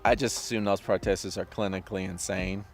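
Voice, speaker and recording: Deep, gravelly man hesitating outdoors. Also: little pitch movement, fairly quick, faint music behind. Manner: hesitant, many fillers and restarts, laughs often. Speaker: discussion host. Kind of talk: casual spoken discussion. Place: outdoors, drizzling.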